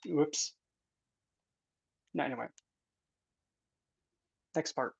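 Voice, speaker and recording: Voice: mid-range voice, steady tone, slow, vocal fry, long pauses, slightly rough. An occult content creator giving casual vlog commentary in an indignant, sarcastic manner. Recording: dull lo-fi recording.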